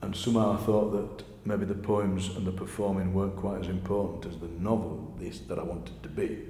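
A man with a Yorkshire accent, a poet telling stories in a lively, chatty interview. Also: sits low, a little fast, slight background noise. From Yorkshire, England. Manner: chatty, animated storyteller, often laughing. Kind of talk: conversational interview. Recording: echoey room with long reverb.

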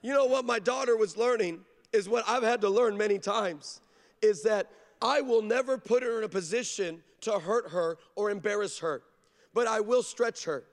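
A man preaching a sermon as pastor, with an energetic, emphatic storytelling delivery. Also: sits high, normal speed, in a large hall. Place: large church.

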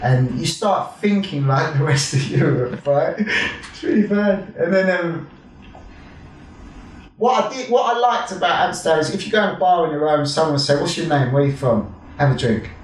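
A man's voice: fairly high pitch, moderate pace, recorded from a distance. A man from Kent with a southeast English accent, telling casual anecdotes with plenty of swearing and laughs. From Kent, England. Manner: swearing, laughing, animated anecdotes with acted-out quotes. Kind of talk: casual chat, storytelling. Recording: echoey room, faint noise.

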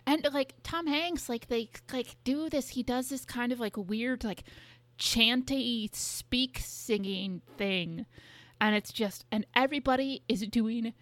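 A young woman co-hosting a podcast in casual chat, talking fast with lots of fillers and swearing. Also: fairly high pitch, dry recording. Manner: chatty, swears, many fillers. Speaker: podcast co-host.

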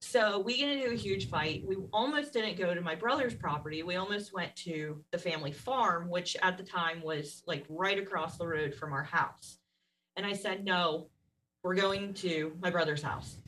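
A woman guest telling a story in a casual, animated way, laughing often and acting out what others said. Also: on the low side, normal speed, recorded from a distance, rough recording. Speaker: podcast guest.

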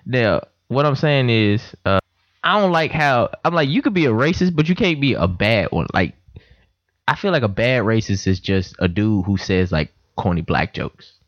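Animated young man telling stories. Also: fairly low pitch, normal speed, no room sound. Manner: animated storytelling with voiced quotes. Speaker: podcast host. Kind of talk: casual chat. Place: room in a house. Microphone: computer mic. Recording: dull lo-fi home recording.

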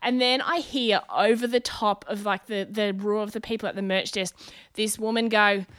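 A woman, a comedian guest on a podcast, chatting and telling an animated, rambling story. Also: medium pitch, moderate pace, clear, resonant tone, no room sound, clean studio sound. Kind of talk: casual chat, storytelling.

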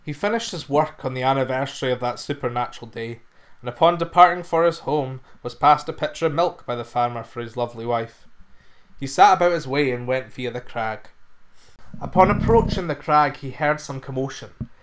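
A man's voice: mid-range voice, a little fast. Man narrating a fairy tale. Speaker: storyteller. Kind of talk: storybook narration.

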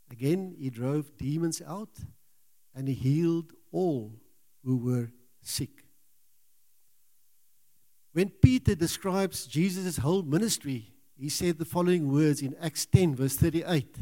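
Halting preacher, man with mellow voice. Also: fairly high pitch. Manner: halting, repeats words, earnest. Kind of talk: sermon.

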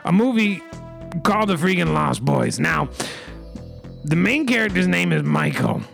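A man co-hosting a comedy radio show, presenting in a mock-solemn, deadpan way with rhyming catchphrases. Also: high voice, a little slow, creaky, soft background music.

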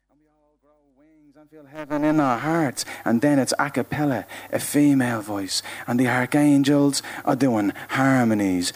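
A man with a Dublin accent performing spoken-word poetry live on a club stage, with a rhythmic, emphatic delivery that swings between loud and hushed. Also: mid-range voice, steady tone, moderate pace. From Ireland. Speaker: performance poet.

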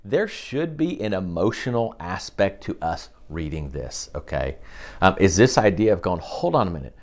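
A middle-aged man giving a sermon in a fairly low voice. He talks earnestly and keeps checking in with "okay". When he quotes the crowd, his voice jumps up in pitch. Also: expressive, normal speed. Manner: earnest, repeatedly asks listeners to imagine the scene; says okay often, acts out quoted voices with raised pitch. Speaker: pastor.

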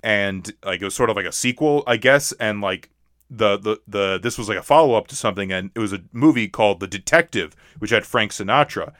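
A man's voice: on the low side, brisk, fairly bright tone, no echo, studio quality. Rambling man chatting about movies. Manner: rambling, many restarts and fillers. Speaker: podcast co-host. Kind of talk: casual movie chat.

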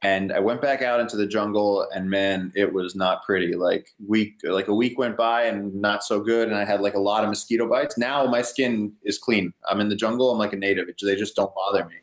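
A young man casually telling a story in an interview, rambling and relaxed, with many "like" fillers. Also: on the low side, fairly quick, few pauses. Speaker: guest, ecotourism company owner.

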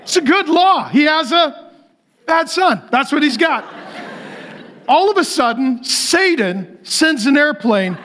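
Guy preaching a funny sermon, really high voice, animated storyteller, keeps laughing through it. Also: slow, a little hiss or hum. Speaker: pastor. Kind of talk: humorous sermon.

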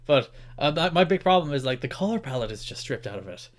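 A man's voice: medium pitch, very animated, fast. A man with an Irish accent co-hosting a podcast in casual chat, rambling and restarting his sentences often. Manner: rambling, repeats words and restarts often, laughs easily. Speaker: podcast co-host.

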